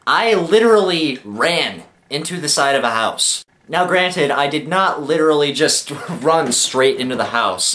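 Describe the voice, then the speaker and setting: Young man telling self-mocking stories. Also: fairly high pitch. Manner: jokey, self-mocking, animated delivery. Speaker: vlogger. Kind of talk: comic storytelling to camera.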